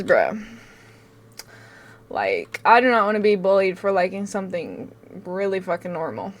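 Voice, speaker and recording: A woman streamer reacts in casual chat with a mid-range pitch. She talks while eating, slangy and quick to swear. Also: big pitch swings.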